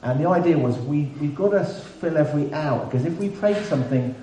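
Male preacher, chatty sermon delivery with wry humour, mellow tone, roomy echo from a distant mic. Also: on the high side, expressive, a little fast. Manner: conversational, self-deprecating humour. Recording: echoey room, mic at a distance, faint background hiss.

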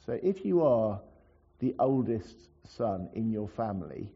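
A man's voice: on the low side, sing-song, a little slow, warm tone, slightly rough, highs cut off. A man preaching a sermon to his congregation, in a conversational way with asides and everyday examples. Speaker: pastor. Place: church.

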